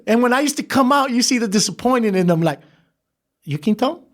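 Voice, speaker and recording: A man as a podcast guest, telling his life story in an animated way, laughing and acting out the people he quotes. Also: very high-pitched, a little fast. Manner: animated, laughs through stories, acts out quoted voices. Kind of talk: storytelling interview.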